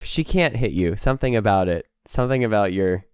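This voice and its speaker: A man's voice: fairly low pitch, expressive, fairly quick, noisy background. A man narrating a tabletop game as game master, playful, with laughing asides.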